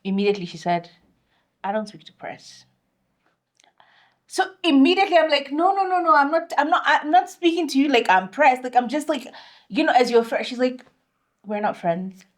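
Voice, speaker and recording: A young adult woman, co-hosting a casual chat and telling an animated story, dropping Swahili slang into her English. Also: high voice, fast talker. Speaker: podcast co-host.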